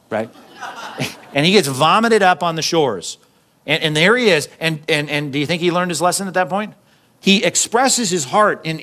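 A man's voice: a little high, fairly bright tone. A man preaching a sermon in a conversational way, often checking in with "right?" and acting out quoted lines. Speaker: pastor.

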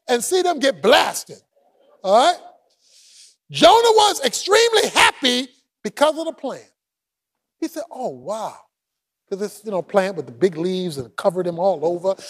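Animated preacher swinging from shouts to low asides. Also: male voice. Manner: animated preaching, acting out the prophet's complaints with humor. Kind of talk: sermon.

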